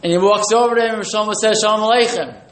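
A man tells a moral story in a sermon, measured and paced with long pauses. His voice is high for a man. It echoes around the room, with a faint hiss beneath. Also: fairly even intonation. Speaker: speaker giving a mussar talk. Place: room at a university.

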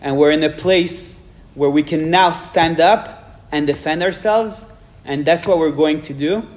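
A French-accented man with a fairly high pitch speaks at a public event, answering audience questions frankly. He pauses in a measured way and sometimes restarts.

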